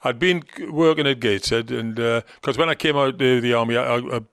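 A man's voice: medium pitch, fairly quick, a bit bright, clear, resonant tone, dry recording, clean studio sound. An older man with a Geordie accent, a former football manager reminiscing in an interview with a chatty, storytelling manner. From North East England. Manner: chatty storyteller with fillers and dialect words.

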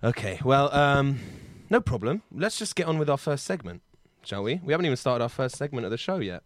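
A man's voice: medium pitch, very animated, fairly quick, no room sound. A man hosting a comedy podcast in a playful, teasing way. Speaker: podcast host.

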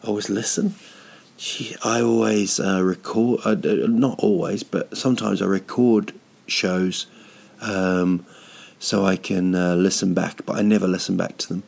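A man's voice: sits low, steady tone, a little slow, gravelly, a little mellow. A man hosting a comedy podcast, rambling through a self-deprecating monologue with lots of fillers and restarts.

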